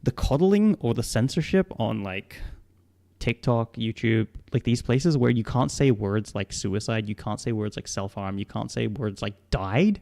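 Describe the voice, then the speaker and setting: A man's voice: on the low side, measured pace, vocal fry, darkish tone. A young man with a mixed Australian and British accent, a psychologist answering questions on a casual live stream, rambling with lots of fillers and laughing often.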